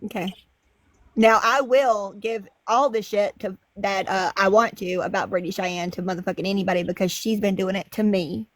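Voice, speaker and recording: A woman's voice: mid-range voice, steady tone, moderate pace, dry recording. A woman joins a livestream chat, talking plainly and with a tough, profane edge. Her voice sounds dry and close to the mic. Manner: profane, confrontational. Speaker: livestream guest.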